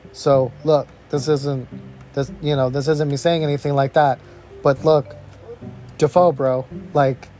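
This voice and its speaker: Excited, rambling man reviewing a film. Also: on the high side. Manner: enthusiastic, rambling, says "bro" and "you know" a lot. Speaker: podcast host reviewing a film. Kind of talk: casual excited movie review.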